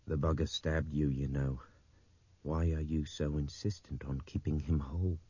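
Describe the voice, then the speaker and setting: A clipped, steady man keeps his head in a crisis, as a male narrator puts him on. The voice sits very deep and dark, with a husky grain. It is a storybook reading on a dry, slightly dull recording. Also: moderate pace, no echo. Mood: calm.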